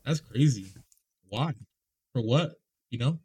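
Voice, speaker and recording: A man's voice: mid-range voice, expressive, takes it slowly, dark tone, husky. A man co-hosting a podcast in casual chat, laid-back, swearing and laughing often. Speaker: podcast co-host.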